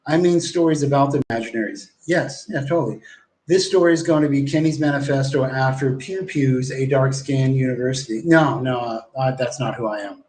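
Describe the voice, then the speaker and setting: A man's voice: medium pitch, a little fast, darkish tone. A man livestreaming, telling a long rambling story full of swearing and acted-out exchanges. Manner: rambling, profane, acts out quoted exchanges. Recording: echoey room.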